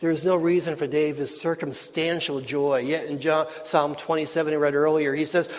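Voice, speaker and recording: A man preaching a sermon, repeating phrases for emphasis and swinging between loud declarations and near whispers. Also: fairly high pitch, flat delivery, normal speed, few pauses. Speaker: pastor. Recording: dull lo-fi hall recording.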